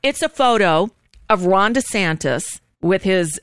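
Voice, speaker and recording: A woman's voice: mid-range voice, expressive, measured pace, fairly bright tone, smooth, no echo, studio quality. A woman hosting a live stream, casually describing what is on screen with fillers and asides. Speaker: host.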